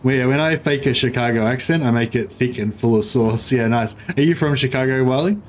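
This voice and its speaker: An Australian man streams a strategy game, speaking briskly at a medium pitch with a little background noise. He chats casually and rambles, full of fillers and restarts, in typical gaming livestream fashion.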